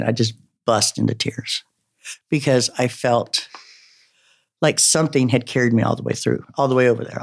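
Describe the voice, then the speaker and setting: A man telling his life story in a casual, rambling way, halting often with fillers and turning self-mocking. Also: medium pitch. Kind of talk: personal storytelling.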